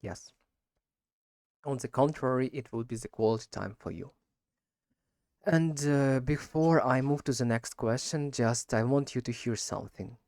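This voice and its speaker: A man who is not a native speaker of English, talking his way through practice questions, halting and correcting himself as he goes. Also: medium pitch, darkish tone, no echo, studio quality. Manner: halting, frequent self-corrections and repeats. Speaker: language learner practicing speaking. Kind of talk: unscripted spoken practice monologue.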